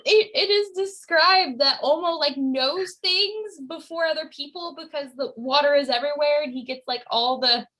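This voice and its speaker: A woman with a high, bright voice chats with her co-host, laughing and eager as she talks. Her tone is sharp and lively. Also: moderate pace, hardly any pauses, poor audio. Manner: laughing, enthusiastic. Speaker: podcast co-host. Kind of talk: casual chat about fan memes.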